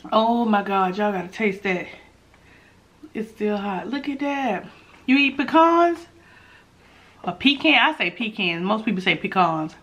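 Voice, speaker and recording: Lively woman chatting while eating. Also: mid-range voice, unhurried. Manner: chatty and animated, savoring food with hums. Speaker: mukbang vlogger. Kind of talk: casual eating vlog talk to viewers.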